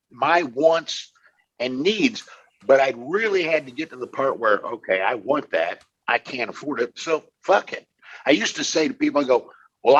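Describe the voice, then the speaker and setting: A man's voice: medium pitch, a bit bright, breathy edge. A middle-aged man co-hosting a podcast, talking in a blunt, profane way and often restarting his sentences. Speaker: podcast co-host. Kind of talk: casual chat. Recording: slightly dull lo-fi sound.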